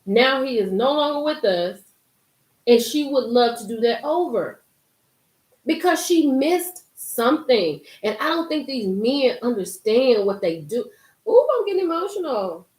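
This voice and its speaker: Animated woman in a roomy echo. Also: fairly high pitch, unhurried. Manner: animated, emphatic, reacts to viewer comments. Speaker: YouTube commentary host. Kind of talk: casual live-stream commentary.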